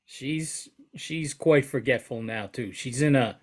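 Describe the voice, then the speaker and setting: A man's voice: medium pitch, slow pace. A man co-hosting a podcast who rambles and jokes in casual banter with his partner. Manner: joking, rambling. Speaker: podcast co-host, flooring contractor.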